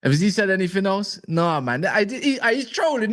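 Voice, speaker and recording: Young man, casual stream banter, lively swinging pitch, slangy and jokey. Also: normal speed. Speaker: football fan streamer. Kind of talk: casual live stream chat.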